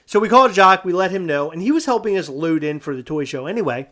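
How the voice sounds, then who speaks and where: A man co-hosting a podcast, telling a story in casual chat and acting out quoted lines loudly. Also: sits high, fast talker. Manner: animated, acts out quotes loudly. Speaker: podcast co-host.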